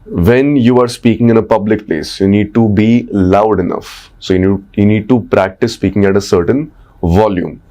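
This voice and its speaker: Brief: man, low voice, Indian English accent, warm mellow coach explaining step by step. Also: moderate pace. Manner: explanatory, coaching tone with frequent "right?" checks. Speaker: communication coach. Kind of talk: podcast conversation.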